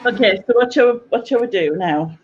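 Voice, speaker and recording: A woman's voice: on the high side, lively intonation, fairly quick, a little hiss or hum. A woman hosting a casual livestream chat over a video call, giggly and self-deprecating. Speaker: host. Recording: dull lo-fi call audio.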